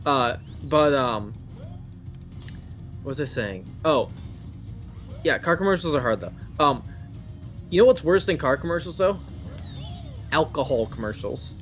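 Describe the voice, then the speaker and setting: A young man co-hosting a gameplay channel chats casually while his friend plays a video game, rambling with restarts and self-corrections. His mid-range voice has lively intonation, an unhurried pace, and frequent pauses. The slightly dull lo-fi mic also catches faint game music in the background.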